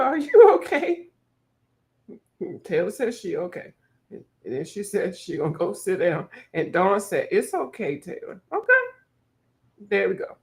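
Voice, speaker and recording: A woman's voice: mid-range voice, creaky. A woman hosting a painting livestream, laughing a lot and teasing viewers as she reads the chat.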